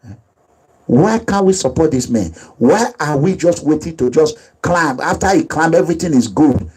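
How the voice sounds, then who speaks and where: A man's voice: fairly high pitch, expressive, moderate pace, a little mellow, breathy edge, low-quality recording. A man with a Nigerian accent giving emphatic, repetitive, preachy commentary as a political activist. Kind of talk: impassioned commentary over video.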